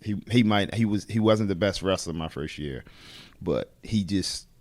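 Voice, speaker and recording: Animated male coach telling stories. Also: sits low, normal speed. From Baltimore. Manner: animated storyteller, acts out quoted voices. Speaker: head wrestling coach. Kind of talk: storytelling in a podcast interview.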